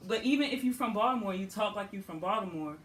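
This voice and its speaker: A woman's voice: medium pitch, animated, quick pace, echoey room, a crowd in the background, low-quality recording. A young woman from the Washington DC area, talking casually as a guest, chatty, laughing often and filling with "like". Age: young adult. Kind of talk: casual chat.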